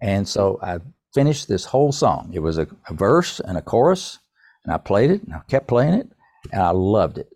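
An older man, a podcast guest, telling a personal story in a folksy, unhurried way and addressing the host by name. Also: lowish voice, very animated, a little mellow, dry recording, studio quality. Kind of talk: casual storytelling.

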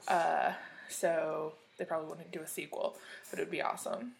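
A woman hosts a podcast in relaxed, rambling chat. Her voice has a heavy gravelly fry and sits a little low. She drifts between thoughts with fillers and murmured asides. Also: normal speed. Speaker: podcast host. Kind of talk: casual chat.

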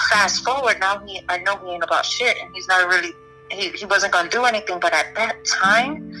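A young woman guest speaking candidly in an interview, halting and restarting often with many "you know"s. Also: lowish voice, pushed and bright, low-quality recording. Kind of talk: personal story in an interview.

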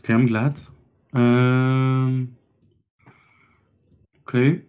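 A man's voice: medium pitch, level tone, very slow, clean tone, dull audio. A man playing in a tabletop game, casual and playful, often repeating words. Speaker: player.

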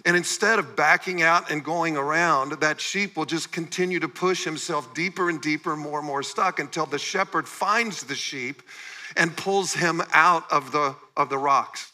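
A man's voice: a little high, moderate pace, pushed and bright. A man preaching a sermon as pastor, conversational and full of rhetorical questions to the congregation. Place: church sanctuary.

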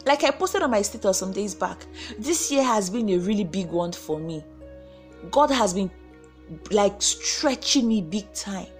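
A woman's voice: mid-range voice, expressive, measured pace, soft background music. A woman with a Nigerian accent giving a preachy motivational faith talk to her viewers, acting out quoted voices as she goes. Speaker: motivational vlogger.

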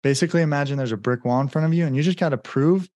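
A man's voice: fairly high pitch, rapid-fire, darkish tone, no room sound, highs cut off. A man, a business coach and guest, telling his story in a rambling casual way with many fillers and acted-out quotes. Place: home in Mexico.

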